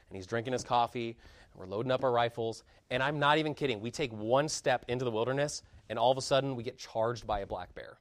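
In a fervent sermon, the preacher climbs to forceful loud moments and drops back to hushed, low asides. The audio has no echo.

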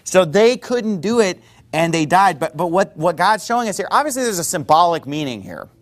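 A man preaching a sermon in a conversational, digressive way with quick rhetorical asides. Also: high voice, big pitch swings.

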